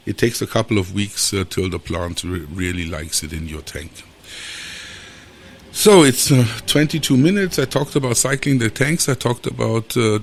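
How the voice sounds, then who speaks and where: Gravelly German-accented man, halting podcast talk. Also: fairly low pitch. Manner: hesitant, many filler sounds. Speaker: podcast host. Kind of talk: solo podcast monologue.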